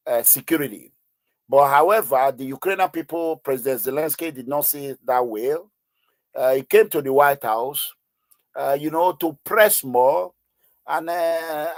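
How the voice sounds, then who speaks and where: A man's voice: on the high side, dry recording. A man giving emotional news commentary in an impassioned, pleading way, with many fillers and repeats.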